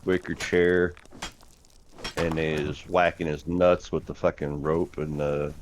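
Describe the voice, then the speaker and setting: A man's voice: very deep voice, flat delivery, unhurried, a little hiss or hum. A man chatting casually in a laid-back way, giving short replies. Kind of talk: casual chat.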